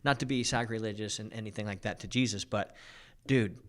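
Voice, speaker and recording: A man hosting a podcast, chatting casually and excitably, often saying dude. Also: fairly low pitch. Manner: excitable, fast bursts, says dude a lot. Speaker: podcast host. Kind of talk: casual chat.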